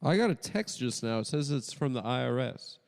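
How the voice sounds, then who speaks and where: Gravelly man with roomy reverb. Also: medium pitch, animated. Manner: quick dark one-liners. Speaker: podcast co-host. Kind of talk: casual podcast banter.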